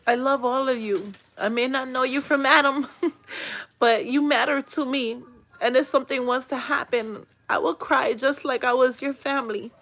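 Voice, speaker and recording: A woman's voice: high voice, fairly even intonation, normal speed, a bit bright. A woman hosting a livestream, reading comments and talking earnestly and emotionally, with spiritual, pleading encouragement. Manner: heartfelt, tearful, earnest encouragement. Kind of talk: emotional live-stream talk.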